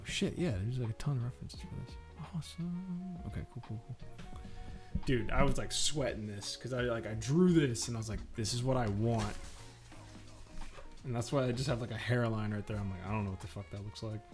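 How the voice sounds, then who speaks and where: A man's voice: medium pitch, normal speed, pauses often, faint music behind. A man chatting casually and profanely while drawing on a live stream, rambling with lots of fillers.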